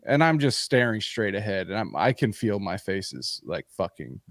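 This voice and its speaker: A man's voice: fairly low pitch, normal speed, no room sound. Guy ranting on a comedy podcast, swears a lot, dry close sound. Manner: profane, animated ranting. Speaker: podcast host. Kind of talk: comedic storytelling.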